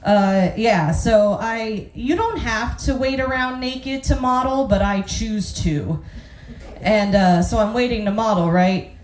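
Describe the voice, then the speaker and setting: On a comedy club stage with a handheld mic, a woman in her thirties delivers a brash, self-deprecating stand-up set full of crude punchlines. Her voice is fairly high, slow, and a little mellow, and the echoey room carries the live audience's noise.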